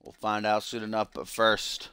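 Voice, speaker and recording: A man's voice: fairly low pitch, completely flat delivery, normal speed, pushed and bright, clean tone, dry recording. A man giving casual, joking play-by-play commentary on a wrestling video game, in a profane sportscaster style.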